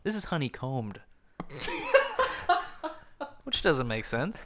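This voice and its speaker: A man's voice: medium pitch, takes it slowly, very noisy. A man co-hosting a comedy podcast, animatedly improvising a story and acting out the characters' lines. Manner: animated, acts out character quotes.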